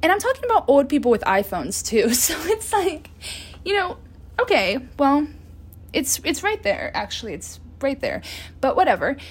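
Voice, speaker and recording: Young woman, casual solo podcast, rambling, laughing, swearing, fairly high voice, phone mic. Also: big pitch swings, normal speed. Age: 20s. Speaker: podcast host.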